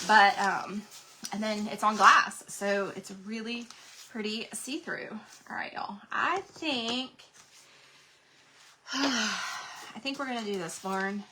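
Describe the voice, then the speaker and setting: A woman's voice: mid-range voice, background noise. Bubbly woman hosting a craft livestream. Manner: bubbly, gushing, chatty, talks to viewers in the chat. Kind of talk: casual craft livestream chat.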